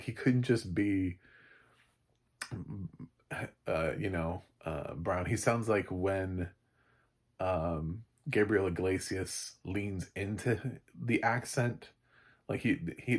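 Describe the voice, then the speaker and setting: A man's voice: deep voice, darkish tone, slightly rough. A man casually reviewing an old movie, chatty and rambling, laughing often.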